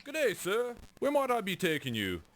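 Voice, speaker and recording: An actor playing a courteous carriage driver with a Cockney accent in an FMV game. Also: male voice, sits high, huge pitch swings, normal speed.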